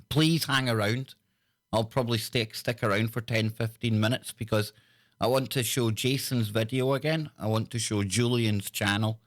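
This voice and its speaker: A man hosting a live talk show, chatting enthusiastically and often repeating himself. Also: fairly low pitch. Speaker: talk radio host.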